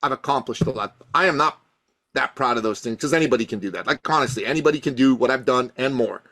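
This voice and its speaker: A man guesting on a podcast as a coach, telling a story with passion and building to loud emphatic peaks. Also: medium pitch, quick pace, no echo. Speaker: guest, coach and thought leader.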